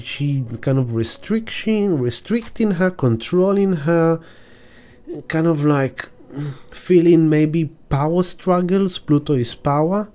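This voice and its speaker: Mellow-voiced man musing on astrology. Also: on the high side. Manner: reflective and halting, with fillers and restarts. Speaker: astrologer and sound healer. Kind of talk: casual weekly astrology talk.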